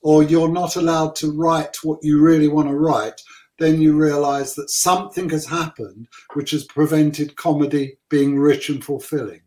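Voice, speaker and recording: A man's voice: a little high, fairly even intonation, normal speed, mellow. An older man, chatting as a guest and grumbling with strong opinions. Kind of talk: casual chat.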